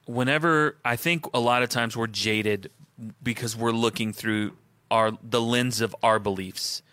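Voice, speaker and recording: A married man co-hosting a casual Christian talk stream, thinking out loud and posing questions to his partner and the chat. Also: mid-range voice, measured pace, clear, resonant tone, no echo. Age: adult, married. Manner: thoughtful, musing, asks questions aloud. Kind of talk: casual faith discussion.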